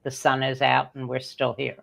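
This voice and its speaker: Moderator, casual panel discussion, relaxed, wry, gravelly voice, mid pitch. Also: normal speed. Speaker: forum moderator.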